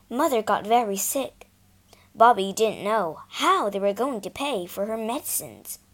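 A woman narrating a children's storybook slowly and expressively. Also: medium pitch. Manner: slow and expressive.

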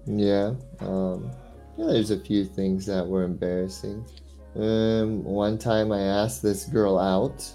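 A man's voice: on the low side, fairly even intonation, slow, gravelly, warm tone, faint music behind. A young man, a guest English tutor, chatting casually and telling stories in a rambling way, full of "like". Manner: rambling storytelling, filled with "like". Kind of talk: casual chat.

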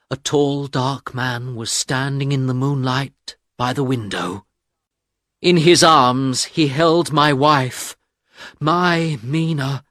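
A man reading a story aloud as narrator, in a slow, dramatic storytelling manner. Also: fairly high pitch, a bit bright, dry recording, clean studio sound. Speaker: audiobook narrator. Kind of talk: scripted narration.

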